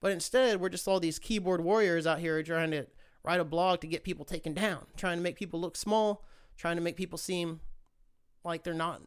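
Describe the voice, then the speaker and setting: Young male podcast host with a smooth, resonant voice; casual, profane rambler. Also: a little high, fairly even intonation, moderate pace. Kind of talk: casual solo podcast rant.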